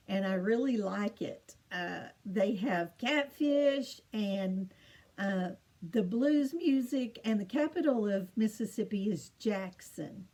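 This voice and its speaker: Middle-aged woman, patient children's teacher, drawn-out sing-song delivery, mid-pitched. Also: darkish tone. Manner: slow and patient, repeats each capital in a sing-song lilt. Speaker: teacher of state capitals to children. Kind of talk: slow home-made lesson for children.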